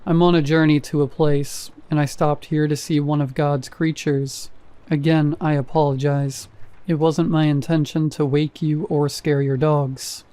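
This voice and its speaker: A man voicing a mysterious old male wanderer who speaks gently and apologetically in a horror tale. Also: fairly high pitch, level tone, unhurried, no echo, lightly acted. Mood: serious.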